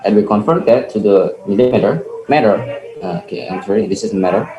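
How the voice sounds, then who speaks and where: A man's voice: on the low side, fairly quick, over music. A young man with an Indonesian accent, not a native English speaker, working through a physics problem on a video call, hesitant and often correcting himself. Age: young adult. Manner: hesitant, frequent "okay" and self-corrections. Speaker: student presenter. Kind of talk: explaining physics calculations. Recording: echoey room with faint noise.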